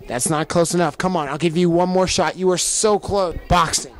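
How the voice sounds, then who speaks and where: High-voiced teen boy quizzing students. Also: fairly even intonation, normal speed. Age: teens. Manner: playful, coaxing with hints. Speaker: student quiz host. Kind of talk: hallway quiz segment, upbeat.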